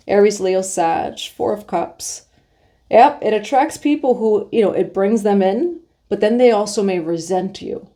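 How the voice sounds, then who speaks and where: A woman's voice: medium pitch, mellow. Chatty woman doing a tarot reading. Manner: chatty, affirming, sings snatches of songs. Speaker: tarot reader. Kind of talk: casual spiritual tarot reading.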